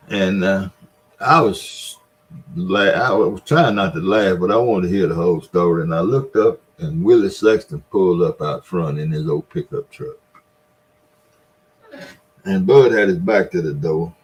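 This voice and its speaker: Man, low register, former shopkeeper telling laid-back stories with chuckles. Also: a little slow, long pauses, poor audio. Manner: laughs often, drawling folksy yarn-spinning. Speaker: storyteller, former store owner. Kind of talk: casual storytelling.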